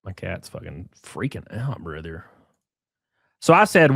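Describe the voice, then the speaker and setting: A man's voice: low voice, very animated, normal speed, gravelly, a bit bright, husky, no echo, clean studio sound. A man giving casual, profane commentary as host, reading messages aloud and mocking their subject with sarcasm and laughter.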